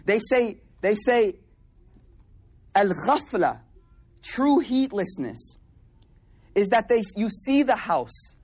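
A high-pitched man delivers a sermon as a casual story. He talks in an animated, street-casual way and often sinks into hushed, soft-spoken asides. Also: takes it slowly, pauses often, slightly rough. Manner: animated, conversational, drops into quiet soft asides. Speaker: preacher.

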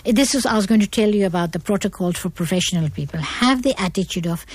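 A woman's voice: mid-range voice, fast, husky, dry recording. A middle-aged woman from India, giving an earnest, emphatic talk on manners as a guest. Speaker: guest speaker.

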